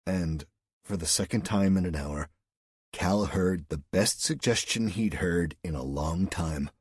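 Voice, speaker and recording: A man reads an audiobook in a steady, measured way. His voice is very low with a husky grain. The recording is close and dry, without room sound. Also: dry recording. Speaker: audiobook narrator. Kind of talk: scripted narration.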